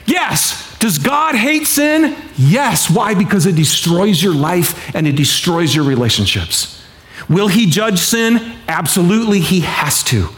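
Passionate preacher man, loud to hushed. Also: sits high, sing-song, takes it slowly. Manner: passionate, swings from loud pleading to hushed intensity; repeats phrases, acts out inner voices. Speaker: pastor. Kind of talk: sermon.

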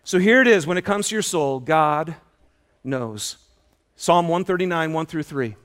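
A man preaching a sermon in an auditorium, telling stories with lively acted-out dialogue. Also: fairly quick. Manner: animated storytelling, acts out dialogue with loud high shouts. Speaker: pastor.

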